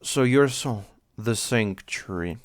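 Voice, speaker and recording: A man's voice: on the low side, lively intonation, slow pace, no echo, studio quality. A man giving casual reaction commentary on an anime at home, rambling, swearing and thinking aloud. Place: home, on a squeaky chair.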